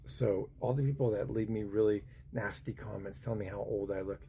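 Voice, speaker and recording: A man's voice: lowish voice, fairly even intonation, moderate pace, creaky, mellow, a little hiss or hum. A man in his fifties telling a personal story in a casual, rambling way, full of fillers and restarts. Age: 50s. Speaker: vlogger.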